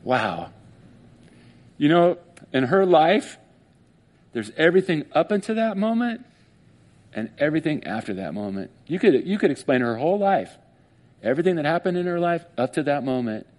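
A man's voice: a little high, moderate pace, long pauses. Emotional male pastor preaching. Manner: emotional, animated storytelling with acted-out voices. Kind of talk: sermon.

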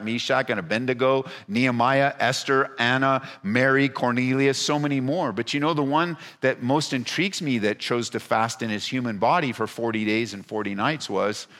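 A man preaching a sermon to his congregation, animated, stretching out words for emphasis. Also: mid-range voice. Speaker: pastor.

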